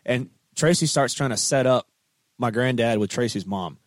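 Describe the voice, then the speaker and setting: A man's voice: mid-range voice, moderate pace, no room sound. A man, a country musician, chatting casually and telling stories. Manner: laid-back storytelling with quoted voices. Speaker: guest musician. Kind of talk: casual chat.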